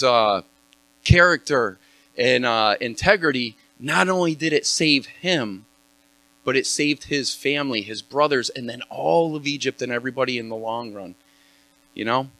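Man, bright dry voice, chatty church intro speaker with jokes and fillers. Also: medium pitch, no echo. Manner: chatty, joking, many fillers like "like". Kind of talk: casual sermon with storytelling.

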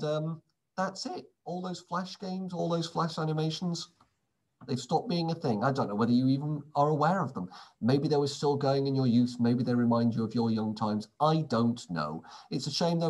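A man's voice: medium pitch, moderate pace, darkish tone. A man reading through quiz answers in a casual way, adding wry, sarcastic asides between questions. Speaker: quiz presenter.

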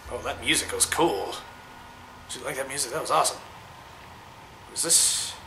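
A man giving chatty, excitable let's-play commentary, cooing at the creatures he meets. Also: mid-range voice, normal speed, noisy background. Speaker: gamer.

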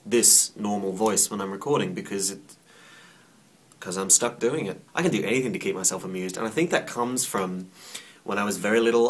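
Rambling, playful man vlogging. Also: fairly low pitch. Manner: chatty, playful, self-mocking. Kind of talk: casual rambling monologue to camera.

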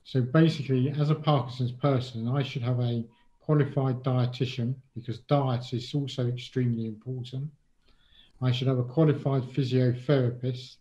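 A man's voice: mid-range voice, steady tone, normal speed, warm tone, muffled recording. A middle-aged man from England, a guest in an interview, speaking casually and hesitantly, with many ums and restarts.

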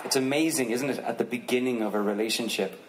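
Between songs at an outdoor gig, an Irish singer tells the audience a relaxed, joking story, talking fast in a mid-range voice and swearing casually in a chatty way. The low-quality live recording picks up a murmuring crowd.

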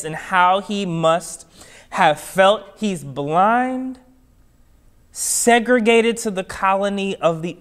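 A man preaching a sermon as pastor, with a measured, repetitive cadence that builds to emphatic rises. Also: sits high, fairly bright tone. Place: church.

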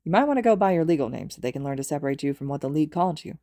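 Woman reading a gruff, burly male teacher, blunt and low. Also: expressive, rapid-fire, mellow, dry recording, studio quality. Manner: blunt, matter-of-fact.

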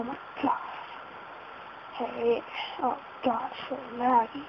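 A woman's voice: on the high side, fairly even intonation, slow pace, vocal fry, background noise. A woman giving casual let's-play commentary, flustered and exclaiming in panic as she plays. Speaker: gamer. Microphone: laptop setup. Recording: dull lo-fi home recording.

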